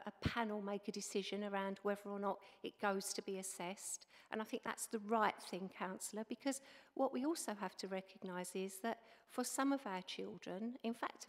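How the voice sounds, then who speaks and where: A woman council officer giving measured, reassuring explanations at a committee meeting. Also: mid-range voice, long reverb tail. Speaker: council children's services officer.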